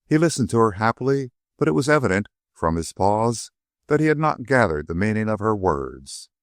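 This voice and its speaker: A man narrating an audiobook in an expressive, varied delivery on a close mic. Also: on the low side, moderate pace, no echo. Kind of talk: scripted narration.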